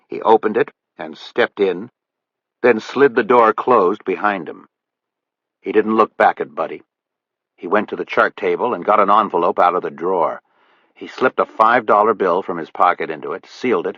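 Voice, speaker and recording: A man reading an audiobook thriller in measured scripted narration. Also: low-pitched, a bit bright, no room sound. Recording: dull lo-fi dry audiobook recording.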